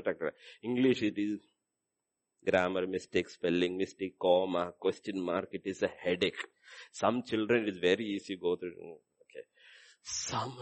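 A man preaching a sermon, moving from low musing asides to loud, animated passages where he acts out the voices of the people he quotes. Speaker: pastor.

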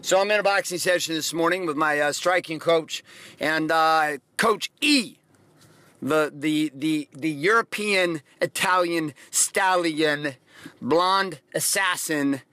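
A man's voice: a little high, slow, sharp tone, clean tone, no room sound. A middle-aged man hosting a podcast, telling profane, rambling stories in a casual motivational monologue. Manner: profane, rambling, emphatic storytelling. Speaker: podcast host.

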